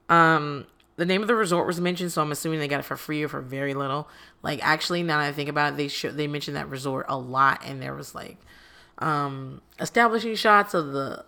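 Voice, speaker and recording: A woman's voice: sits low, bright, forceful tone. Profane, sarcastic woman recapping reality TV. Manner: sarcastic, profane, exasperated asides. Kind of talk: casual recap commentary.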